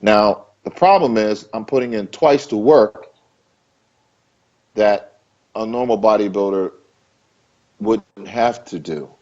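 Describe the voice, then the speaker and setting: A man's voice: lowish voice, takes it slowly, long pauses, darkish tone, muffled recording. A man being interviewed, talking casually and emphatically, repeating himself for stress in a loose, conversational way. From Maryland. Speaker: interview guest, bodybuilder.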